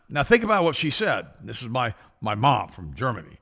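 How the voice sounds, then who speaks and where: An older man co-hosting a talk show, explaining things in a fast, emphatic, lecturing way. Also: medium pitch, huge pitch swings, gravelly, pushed and bright, breathy edge. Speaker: co-host. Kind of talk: animated talk show banter.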